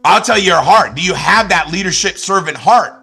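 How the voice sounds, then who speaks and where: A man giving an energetic motivational business talk, full of restarts and asking "right?" after his points. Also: high-pitched, a little fast, gravelly, breathy edge, faint music behind. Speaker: network marketing trainer.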